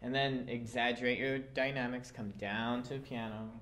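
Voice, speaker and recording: A man's voice: medium pitch, fairly even intonation, moderate pace, a bit bright, faint music behind. A man teaching a violin part, explaining dynamics patiently with occasional fillers. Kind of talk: instrument lesson.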